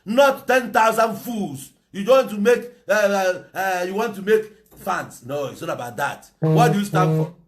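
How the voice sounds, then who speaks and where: A man's voice: sits high, animated, normal speed, hardly any pauses. A Nigerian man with an Igbo English accent giving a fiery, preachy monologue and slipping into Igbo phrases. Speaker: political commentator. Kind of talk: impassioned monologue.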